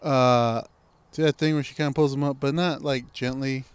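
A man's voice: mid-range voice, fairly even intonation, normal speed, clean tone, dry recording. A man co-hosting a podcast, talking in a laid-back, slangy and rambling way. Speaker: podcast co-host. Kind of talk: casual podcast chat.

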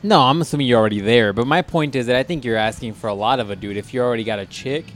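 A man's voice: medium pitch, racing, faint music behind. A man co-hosting a podcast, telling a crude story in a loose, casual way with frequent laughs and fillers. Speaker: podcast co-host.

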